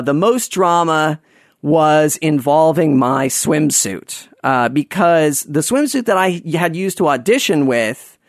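Rambling man telling a story, slightly high voice. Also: no room sound, clean studio sound. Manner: rambling, many fillers and restarts. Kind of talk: casual anecdote telling.

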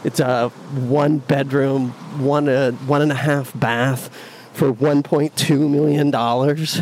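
A man's voice: medium pitch, level tone, slow, hardly any pauses, a little mellow. A man narrating his walk to work, talking casually and rambling with lots of fillers, recorded on a phone on a city street. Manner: meandering, many fillers and restarts. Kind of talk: casual rambling monologue while walking. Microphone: phone recording app. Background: faint street ambience.

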